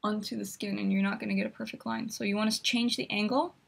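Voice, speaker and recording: A woman's voice: medium pitch, flat delivery, fast, gravelly, slightly rough. A woman hosting a makeup tutorial, chatty and instructive as she talks through each step while demonstrating.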